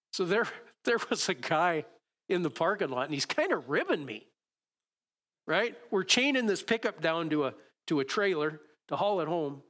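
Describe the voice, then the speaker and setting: A man preaching a sermon in a conversational, storytelling way, asking the listeners rhetorical questions. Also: high voice. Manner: reads scripture slowly and softly.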